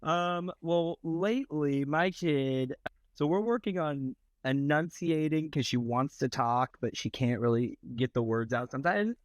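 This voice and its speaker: A man's voice: fairly high pitch, a little slow, dry recording. A man in his thirties, a podcast guest, telling a rambling anecdote in casual chat with lots of filler words. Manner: rambling anecdotal storytelling with many "like"s.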